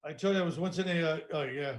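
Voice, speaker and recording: A man, a comedian hosting a casual chat, trading dry wisecracks and quick comebacks. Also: on the high side. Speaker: comedian host and author.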